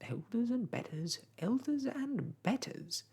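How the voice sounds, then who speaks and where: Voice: mid-range voice, big pitch swings, slow, vocal fry, warm tone, slightly rough, voice pushed up, full character voice. A reader in a whispered role-play voicing a rude, gloating old male starling in a storybook, jeering and taunting. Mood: gruff.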